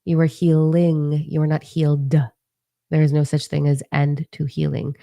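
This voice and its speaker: A woman's voice: sits low, flat delivery, a little slow, creaky, warm tone, dry recording, clean studio sound. A woman spiritual coach giving a blunt, profane, emphatic motivational monologue to camera.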